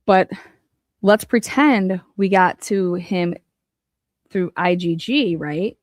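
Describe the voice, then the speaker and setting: Speaking slowly, a woman reads documents aloud and reacts with casual true-crime commentary, excited and cursing, shifting from low muttering to loud exclamations. The sound is clean studio audio without echo.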